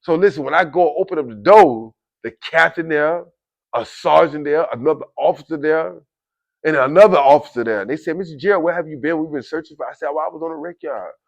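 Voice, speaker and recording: A man telling a story in a casual, animated way, often turning to his listeners and acting out the voices of others. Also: a little high, brisk, creaky, lo-fi sound. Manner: animated, keeps addressing listeners directly; acts out quoted voices of guards and inmates. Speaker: storyteller recounting prison life. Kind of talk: casual spoken storytelling to camera.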